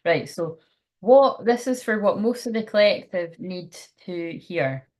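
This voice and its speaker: A woman's voice: mid-range voice, unhurried, darkish tone. A woman doing a live card reading for her viewers. She rambles and thinks aloud in a chatty, informal way. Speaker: tarot card reader.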